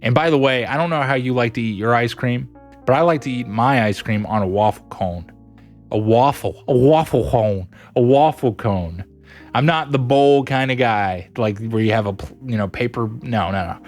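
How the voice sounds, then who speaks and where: A man's voice: medium pitch, fairly quick, faint music behind. A young adult man streaming, chatting casually with viewers, giggling a lot. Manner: giggly, laughs a lot, animated. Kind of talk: casual chat reading viewer messages.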